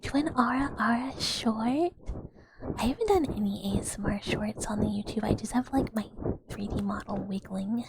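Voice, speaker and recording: A woman streamer chatting in a soft ASMR whisper, rambling and giggling with many fillers. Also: medium pitch, moderate pace, vocal fry, background noise.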